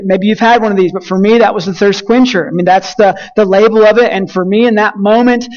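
A man's voice: high-pitched, dull audio. A young man from West Texas preaching a sermon, telling folksy stories with lots of fillers and restarts. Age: young adult. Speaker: pastor.

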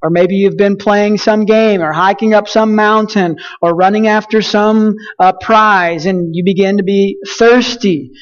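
A man's voice: high-pitched, steady tone, unhurried, hardly any pauses, muffled recording. A young man from West Texas preaching a sermon, telling folksy stories with lots of fillers and restarts. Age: young adult. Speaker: pastor.

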